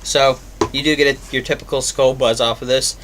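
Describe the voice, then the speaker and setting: A man at a middle pitch gives a loose, casual review. He rambles and fills pauses with ums and uhs, and a faint hiss sits under his voice. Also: fairly even intonation. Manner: rambling, filler-heavy, offhand. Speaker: product reviewer.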